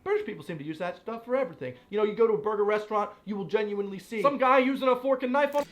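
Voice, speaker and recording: A man's voice: sits high, rapid-fire. A young American man living abroad, giving playful, exaggerated complaints in a comedic vlog. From United States.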